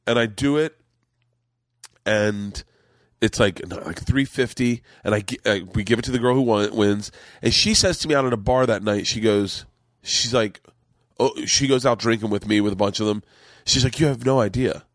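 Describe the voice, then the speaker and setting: A man's voice: on the low side, normal speed, dry recording. A middle-aged man telling a long rambling story in casual chat, swearing freely and acting out what others said. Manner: rambling, profane, acts out quotes. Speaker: podcast host, comedian.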